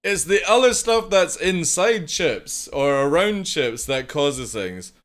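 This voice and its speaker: A man's voice: a little high, lively intonation, slow pace, a bit bright. Chatty young man streaming. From United Kingdom. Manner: rambling, chatty, swears casually, reads chat aloud. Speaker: live streamer. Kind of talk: casual chat with viewers.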